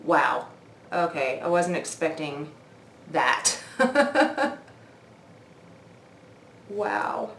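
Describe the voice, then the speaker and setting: A woman's voice: mid-range voice, a little slow, roomy sound, slight background noise. A woman in her forties doing a makeup review vlog, gushing and oohing as she tries products at her mirror. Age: 40s. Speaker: beauty vlogger.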